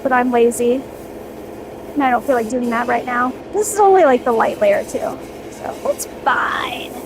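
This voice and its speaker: A woman's voice: a little high, expressive, moderate pace, noisy background. A young woman streaming casually while airbrushing miniatures, chatting with her viewers and cheering herself on in an upbeat, playful way.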